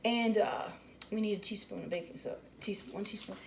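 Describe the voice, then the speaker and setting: A woman talks on and on in a loose, storytelling way, full of restarts and fillers. She is cooking in her home kitchen, and clattering pots and dishes come through clearly behind her voice. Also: medium pitch, a little fast, noisy background. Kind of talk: rambling casual chat while cooking.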